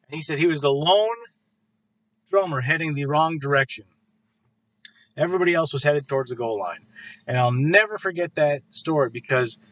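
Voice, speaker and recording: A man's voice: on the high side, dry recording. A middle-aged man from Michigan's Upper Peninsula giving a casual spoken presentation, rambling with fillers and restarts, then livelier as he tells a story. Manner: rambling, many fillers and restarts, grows animated when telling a story. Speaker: student giving an oral presentation. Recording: dull lo-fi sound.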